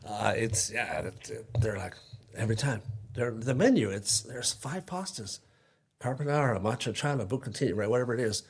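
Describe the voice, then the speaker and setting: A man's voice: on the low side, normal speed, breathy edge. A man who is a chef and restaurant owner, talking as a guest in a casual conversation and explaining dishes with enthusiasm.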